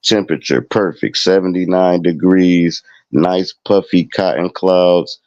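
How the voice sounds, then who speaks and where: Very deep-voiced man on a dull line. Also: fairly even intonation, a little slow, a little mellow, dry recording. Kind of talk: casual livestream chat.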